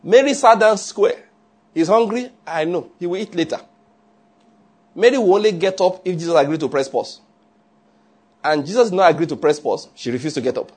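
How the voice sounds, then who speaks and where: A man preaching a sermon in an animated way, often checking with his listeners. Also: high voice, fairly quick. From Nigeria. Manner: animated, asks the audience often.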